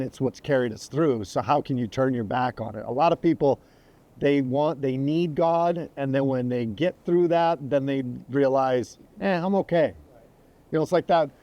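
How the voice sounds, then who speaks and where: A man's voice: mid-range voice, dark tone, dull audio. A middle-aged man who is a sheriff, speaking earnestly in an interview and repeating phrases for emphasis. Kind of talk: podcast interview, testimony.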